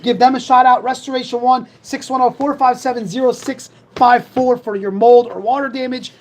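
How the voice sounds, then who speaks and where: Young guy hosting sports talk, rattles off sponsor plugs super quick, all fired up. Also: very high voice, steady tone, a little hiss or hum, low-quality recording. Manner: fast, rambling, fired up, reads sponsor plugs. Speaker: sports talk show host. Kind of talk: casual sports talk chat.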